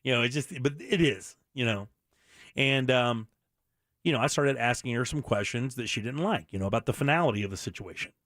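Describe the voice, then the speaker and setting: A man's voice: mid-range voice, a little fast, fairly bright tone, no echo, studio quality. A middle-aged man hosting a radio show, talking earnestly and bluntly with many restarts. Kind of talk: candid talk radio monologue.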